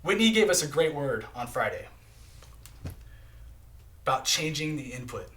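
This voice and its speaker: A man's voice: a little high, very animated, measured pace, a bit bright. Earnest conversational male preacher. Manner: earnest, conversational, frequent "right?" and "okay?" check-ins. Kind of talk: sermon. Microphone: live stream.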